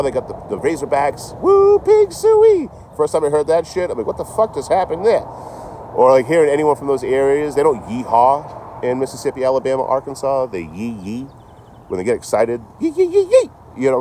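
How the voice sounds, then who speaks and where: Profane, rambling man streaming outdoors. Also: mid-range voice. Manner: rambling, profane, laughs at his own jokes. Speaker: traveling livestreamer. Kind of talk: casual livestream chat. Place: outdoors by a rail yard office. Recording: outdoor street noise. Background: traffic and street noise.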